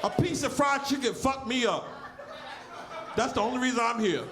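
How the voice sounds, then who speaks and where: A man in his forties with a lisp, doing a loud, crude stand-up comedy set on stage, often shouting at the crowd. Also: very high-pitched, moderate pace, reverberant, over loud music. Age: 40s.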